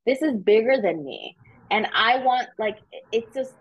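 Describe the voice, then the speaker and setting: A woman realtor chatting in a casual interview, telling animated stories and swearing casually. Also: on the high side, normal speed, breathy edge, lo-fi sound. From United States. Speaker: realtor guest.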